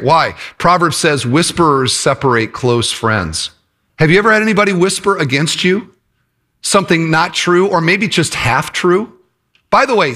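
A man's voice: fairly high pitch, a bit bright. A man, a pastor, preaching a sermon in a conversational way, leaning into his questions.

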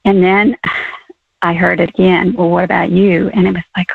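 An older woman calling in to a radio program, telling her story haltingly with many fillers. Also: fairly low pitch, flat delivery, vocal fry, noisy background. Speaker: caller. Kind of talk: call-in testimony. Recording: phone line.

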